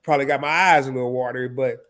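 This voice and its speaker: A man's voice: medium pitch, fairly even intonation, rapid-fire, fairly bright tone. Emotional sniffling man in his fifties. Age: 50s. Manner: emotional, rambling, stammering with restarts. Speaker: live stream host. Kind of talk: casual live stream chat.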